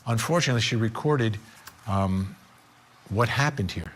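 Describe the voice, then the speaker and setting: A man's voice: on the low side, moderate pace, a bit bright. A man hosting a legal news program, recounting a case in a conversational, emphatic way. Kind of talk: broadcast news commentary.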